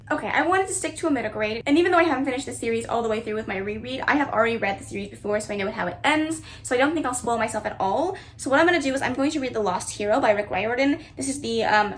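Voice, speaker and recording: This young woman, a booktuber, talks fast in a high-leaning voice while giggling and chatting casually over her vlog. She's recording at home, indoors in her bedroom among bookshelves.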